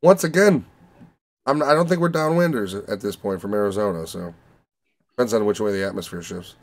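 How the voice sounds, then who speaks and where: A young man from the Chicago area, hosting a casual movie podcast and talking in a profane, rambling, animated way. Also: on the low side, brisk. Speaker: podcast host reviewing movies. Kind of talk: casual chat.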